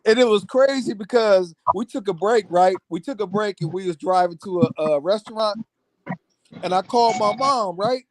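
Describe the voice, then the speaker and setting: A man in a music business telling stories over a video call in a lively, casual way, acting out other people's voices and saying "man" a lot. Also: high-pitched, normal speed, dry recording. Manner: animated, acts out quoted voices, says "man" constantly. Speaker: music producer guest. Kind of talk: casual storytelling chat.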